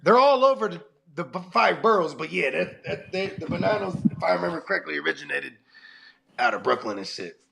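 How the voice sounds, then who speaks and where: A man's voice: on the high side, big pitch swings, fairly quick, vocal fry, crowd noise. A man in his forties co-hosting a casual chat, rambling and profane, laughing often, with a cold. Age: 40s. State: has a cold. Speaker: podcast co-host.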